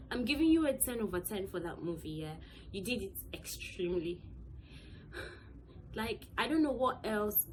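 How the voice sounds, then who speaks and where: A young woman hosts her own review vlog, speaking at a mid-range pitch. She talks in a chatty, excitable rush and leans hard on words she cares about. Faint room ambience sits low behind her. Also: a little hiss or hum, low-quality recording. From Nigeria. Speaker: host. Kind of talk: casual movie review vlog.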